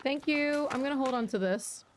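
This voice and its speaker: A woman live-streaming a co-op survival game, chatting with viewers and teammates and reacting loudly when startled. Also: high-pitched, moderate pace, a little hiss or hum. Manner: chatty, talks to viewers, jumpy loud reactions. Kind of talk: live co-op gameplay chat.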